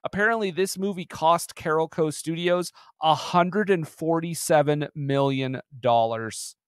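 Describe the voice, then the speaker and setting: A man's voice: fairly high pitch, measured pace, smooth, no room sound, clean studio sound. A man hosting a comedy podcast, recapping a movie in a rambling, jokey way. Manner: rambling, frequent laughs and restarts. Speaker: podcast host.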